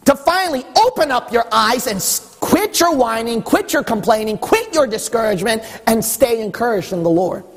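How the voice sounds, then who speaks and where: A man preaching a sermon as pastor, exhorting with wry rhetorical questions and a husky voice. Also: very high voice, expressive, moderate pace, hardly any pauses. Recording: long hall reverb.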